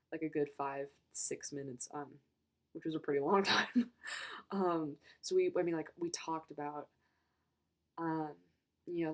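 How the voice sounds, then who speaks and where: A young woman excitedly recounting a story in a vlog, rambling and gushing. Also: fairly low pitch. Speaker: vlogger.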